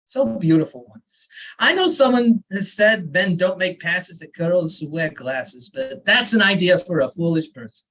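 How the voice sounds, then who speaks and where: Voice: mid-range voice, expressive, measured pace, fairly bright tone, poor audio. A performer voicing an elderly immigrant father who lectures earnestly, reading a story aloud at an open mic. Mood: lecturing. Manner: fussy, insistent advice-giving.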